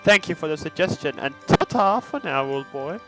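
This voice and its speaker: A man's voice: fairly high pitch, lively intonation, moderate pace, pushed and bright, soft background music, rough recording. A man voicing a pompous young male noble, haughty and flowery, stumbling over his words as he reads.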